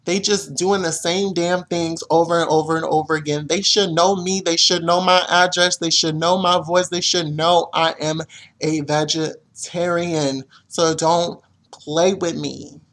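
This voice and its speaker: A man's voice: fairly high pitch, flat delivery, moderate pace, fairly bright tone. A young man venting to camera in an exasperated, profane rant, complaining as a vlogger. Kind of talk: ranting to camera.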